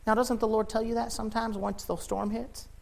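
Impassioned high-voiced male preacher. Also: flat delivery, brisk, vocal fry. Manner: impassioned preaching, swings from loud shouting to low quiet. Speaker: pastor. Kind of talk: sermon.

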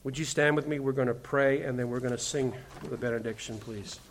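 A pastor preaching a sermon, telling a story and earnestly pleading with the listeners, building up to forceful emphasis. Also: male voice, mid-range voice, steady tone, a little fast, a little hiss or hum. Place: church.

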